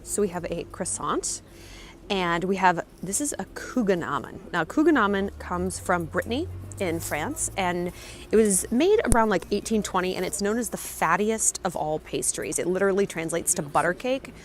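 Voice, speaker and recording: A woman talking to camera in a casual travel vlog, chatty, excitable and jokey, recorded outdoors on a handheld camera. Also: on the low side, normal speed. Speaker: travel vlogger. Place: outdoors on a café patio and in city streets.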